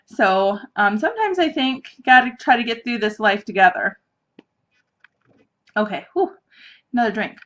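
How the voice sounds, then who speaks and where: A woman in her thirties hosts a casual podcast, her voice sitting a little high. She tells everyday stories in an animated, chatty way and breaks into laughter often. The recording is dull and lo-fi. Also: moderate pace, pauses often. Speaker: podcast host. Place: office.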